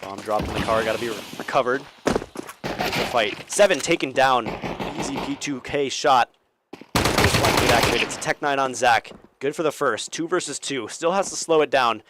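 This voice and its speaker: A young man casting an esports match solo, with energetic play-by-play that climbs on big plays. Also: medium pitch, moderate pace, heavy background noise. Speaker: esports caster. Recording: game gunfire loud under voice. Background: game sound effects and gunfire.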